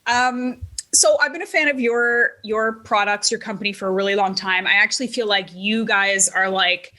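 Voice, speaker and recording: A woman's voice: medium pitch, moderate pace, pushed and bright. A woman hosting a podcast, chatting casually and upbeat with plenty of fillers. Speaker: podcast host.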